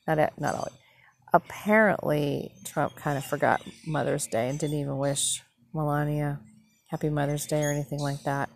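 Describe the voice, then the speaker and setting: A woman's voice: deep voice, steady tone, moderate pace, creaky, a little hiss or hum. A woman host giving a frank, indignant casual monologue, swearing freely. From Northern United States. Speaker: podcast host.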